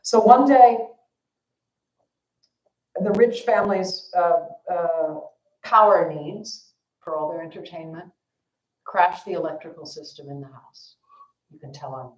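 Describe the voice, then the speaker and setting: A woman's voice: on the low side, unhurried, long pauses, darkish tone. A woman dharma teacher telling a story at a family service, casual and self-deprecating, with fillers. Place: temple hall. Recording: echoey temple hall.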